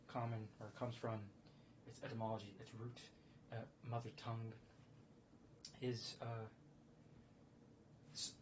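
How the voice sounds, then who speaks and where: A man's voice: mid-range voice, noisy background. Rambling American man, muffled lo-fi sound. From United States. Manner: meandering, self-correcting, chuckles to himself. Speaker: streamer. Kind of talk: casual rambling monologue. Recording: slightly dull lo-fi sound with faint background ambience.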